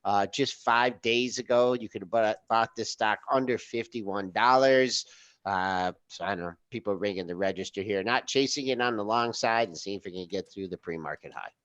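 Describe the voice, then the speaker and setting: Male co-host, mid-pitched, quick factual delivery, dry slightly muffled sound. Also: fairly bright tone, no echo. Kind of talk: market commentary.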